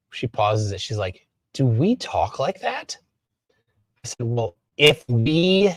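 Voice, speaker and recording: A man from Minnesota hosting a live stream, reading chat aloud and commenting in a halting way with many fillers. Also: mid-range voice, no echo. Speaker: livestream host.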